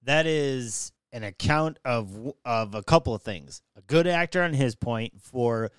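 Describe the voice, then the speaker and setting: A man's voice: medium pitch, expressive, a little slow, smooth, no room sound, clean studio sound. A man in a casual podcast chat, telling stories animatedly, swearing freely and acting out quotes. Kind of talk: casual chat about movies.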